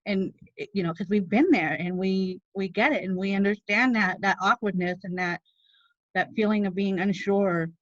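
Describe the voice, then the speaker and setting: A woman's voice: mid-range voice, moderate pace, no echo. A woman hosting an online meeting, speaking in an earnest, emotional way. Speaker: meeting host. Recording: dull dry lo-fi audio.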